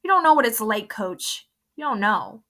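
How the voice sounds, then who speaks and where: A woman's voice: a little high, big pitch swings, normal speed, fairly bright tone. A woman voicing a teenage boy who talks back in a raw, defensive way. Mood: hurt. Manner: raw, pushing back hard.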